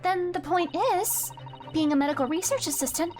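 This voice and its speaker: A woman's voice: very high-pitched, normal speed, music in the background, voice pushed up. A woman voicing a hesitant, flustered young male defense lawyer in a courtroom game. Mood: earnest.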